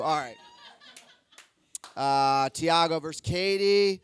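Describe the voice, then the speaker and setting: Crude, excitable man recapping roast battles. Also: sits high, measured pace, some chatter behind. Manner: crude, excitable, jokey, swings into shouts. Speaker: comedy show bishop recapping fights. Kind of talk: rowdy comic recap. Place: comedy club stage.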